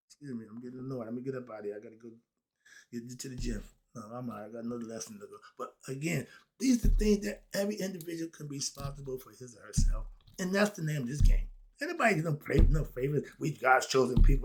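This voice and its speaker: A man's voice: medium pitch, fairly quick, slightly rough. A man teaching philosophy in an informal, preachy way, full of rhetorical questions and asides.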